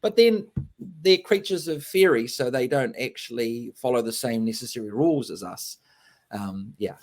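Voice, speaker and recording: An English man talks loosely and warmly about his book, circling back with fillers and restarts. His voice sits at an ordinary middle pitch. He speaks as a guest in a relaxed interview. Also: normal speed. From England. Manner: rambling, many fillers and restarts, laughs often. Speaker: author guest. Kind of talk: casual interview chat.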